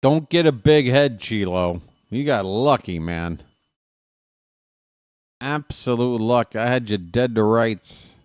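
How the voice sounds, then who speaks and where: A man hosting a live stream, trash-talking his opponents in a dice game, swinging from muttering to excited yelling. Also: medium pitch, slow, pauses often, smooth, no echo, studio quality. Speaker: streamer and play-by-play host. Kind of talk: casual live-stream commentary while playing a dice game.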